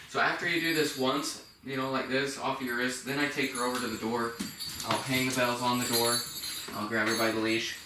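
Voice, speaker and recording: A man working as a dog trainer talks through a house-training routine at an easy, explanatory pace. His voice is bright and forward, and he sits a little away from the mic in an echoey indoor room with faint background noise. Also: a little fast, distant mic. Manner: relaxed, explanatory, bursts of high-pitched praise to the dog. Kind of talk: casual training demonstration. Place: indoors at a home.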